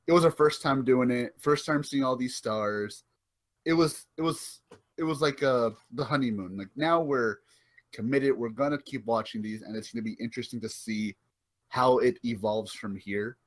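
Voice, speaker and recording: Young male podcast co-host, relaxed and profane, laughs easily. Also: medium pitch. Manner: laughing, profane, playfully quoting wrestlers. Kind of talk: casual chat.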